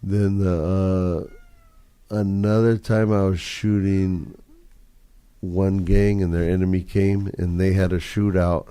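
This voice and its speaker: A man with a low, mellow, dark voice tells street stories in a laid-back, slangy way, swearing freely. The sound is dry and close, as on a casual podcast. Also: flat delivery, slow pace, clean tone, no echo. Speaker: photographer guest.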